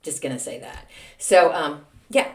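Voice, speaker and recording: A woman's voice: sits low, measured pace. A woman in her sixties from Texas, hosting a podcast with a chatty, self-mocking, ranting monologue. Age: 60s. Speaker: podcast host. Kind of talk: casual monologue.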